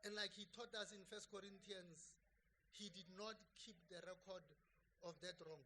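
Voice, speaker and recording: Bright-voiced joking male pastor. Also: high-pitched, normal speed, slight background noise, low-quality recording. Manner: conversational, joking, animated. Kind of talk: sermon. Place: church.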